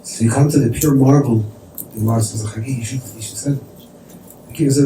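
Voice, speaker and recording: A rabbi tells a story in a conversational sermon, sprinkling in Yiddish and Hebrew terms. His mid-range voice is brisk with a dark tone, picked up by a distant mic in an echoey room with faint noise.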